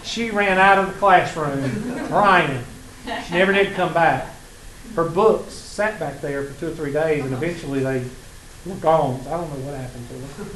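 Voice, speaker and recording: A Southern man lecturing a math class in a folksy, teasing way, his voice sitting a little high for a man. The room is echoey, with a faint hum of classroom ambience behind him. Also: moderate pace, a bit bright. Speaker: math instructor.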